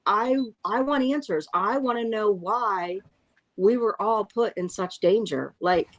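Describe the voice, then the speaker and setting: A woman giving a halting, emotional eyewitness account, often breaking off and restarting. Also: medium pitch, no room sound. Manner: angry and frustrated. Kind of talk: emotional first-hand account.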